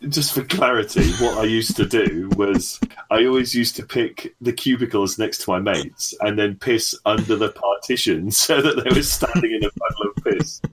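A man's voice: on the low side, normal speed, hardly any pauses, noisy background. A man with an English accent co-hosting a casual gaming podcast, teasing with sarcastic, sweary banter. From England. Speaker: podcast co-host.

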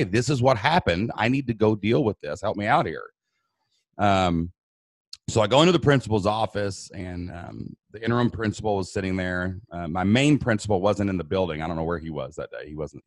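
A man with a somewhat low voice tells a personal story as an interview guest, earnest and emphatic. He acts out the voices of the people in it. The sound is dry and close, with little room. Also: dry recording. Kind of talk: emotional first-person storytelling.

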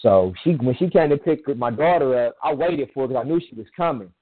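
A man's voice: medium pitch, expressive, brisk. A man in casual chat, telling a personal story in a rambling, emphatic way with frequent restarts. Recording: tinny phone-line sound.

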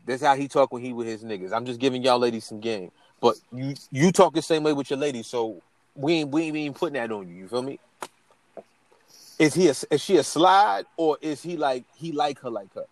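A man's voice: medium pitch, fairly quick, dry recording. A man co-hosting a podcast in casual chat, slangy, with stammering restarts. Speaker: podcast co-host.

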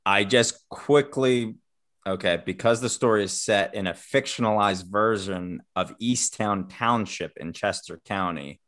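Man with a Philadelphia accent, low-pitched, dry close sound, casual podcast co-host who tells long stories. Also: a little slow, a bit bright, no room sound. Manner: chatty storyteller, explains at length. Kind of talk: casual chat.

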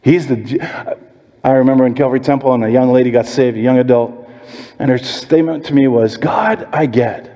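Pastor preaching in a reverberant hall. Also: male voice, on the high side. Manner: storytelling, animated preaching with quoted voices. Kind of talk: sermon. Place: church sanctuary.

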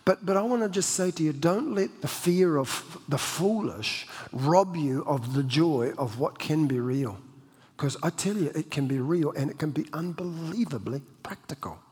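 Male pastor, storytelling sermon, slightly raspy voice, long church reverb. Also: fairly high pitch, moderate pace, darkish tone. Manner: conversational, self-deprecating humor; many restarts and repeated words.

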